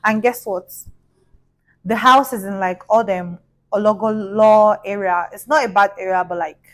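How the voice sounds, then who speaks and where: A young Nigerian-accented woman recounts a tale for her vlog. She sits at a mid pitch. She talks in a lively, gossipy way and slips into other people's voices. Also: normal speed, poor audio. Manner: animated, gossipy, acts out voices. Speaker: vlogger. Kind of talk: casual storytelling.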